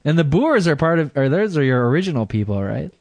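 A man's voice: a little high, sing-song, fast talker, darkish tone, no room sound. A man co-hosting a crude podcast, throwing in joking, wry asides. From United States. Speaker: podcast co-host. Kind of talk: casual crude banter.

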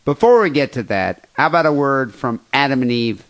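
A man's voice: medium pitch, very animated, fairly quick, a bit bright. A man hosting a podcast, chatting in a crude, joking way. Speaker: podcast host. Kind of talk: casual chat.

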